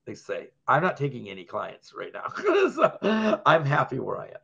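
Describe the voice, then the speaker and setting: A man's voice: a little high, huge pitch swings, normal speed, gravelly, hardly any pauses, bright, forceful tone, slightly rough. A man co-hosting a podcast in casual chat, rambling from point to point and laughing often. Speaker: podcast co-host. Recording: dull lo-fi sound.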